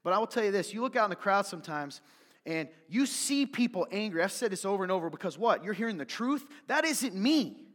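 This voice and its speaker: A man preaching a sermon, his voice sitting a bit high for a man. He swings from fired-up, driving exhortation to quiet, confiding asides. The sound carries the long reverb of a large church hall. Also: very animated, a little fast. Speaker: pastor.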